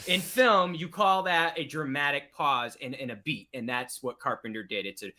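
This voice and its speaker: A man co-hosting a casual live movie commentary, relaxed and explaining film terms plainly. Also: medium pitch, moderate pace. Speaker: podcast co-host.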